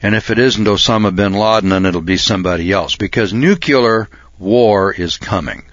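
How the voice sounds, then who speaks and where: Man, insistent speech, frequent throat clearing, halting restarts, dry close sound. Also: fairly low pitch, fairly bright tone, no room sound. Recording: dull lo-fi recording.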